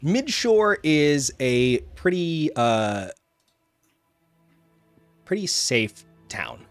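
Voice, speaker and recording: A man's voice: on the high side, big pitch swings, very slow, dry recording, faint music behind. A man narrating a tabletop game as game master, rambling with frequent fillers and restarts.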